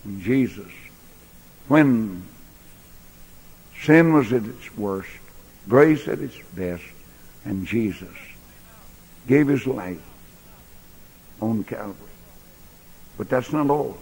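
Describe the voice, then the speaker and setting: A man preaching a sermon in a large church, folksy, swinging between loud bursts and quiet asides. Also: medium pitch, lively intonation, slow pace, creaky, pauses often, breathy edge. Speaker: pastor. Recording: echoey church hall recording.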